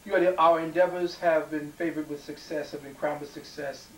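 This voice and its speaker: A man's voice: a little high, steady tone, normal speed, fairly bright tone. A man giving a rambling conspiracy talk, emphatic, with frequent ums and repeated words. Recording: echoey room, mic far off, faint noise.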